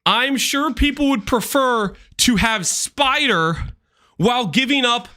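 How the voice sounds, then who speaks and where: A man streaming a game, chatting with viewers in an animated, teasing way with quick asides. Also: very high voice. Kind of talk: livestream chat with viewers.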